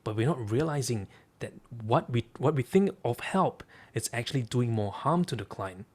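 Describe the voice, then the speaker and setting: A man's voice: mid-range voice, animated, normal speed, a little mellow. A man, a coach, telling a story and drawing lessons from it with emphatic repeated phrases. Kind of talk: storytelling talk.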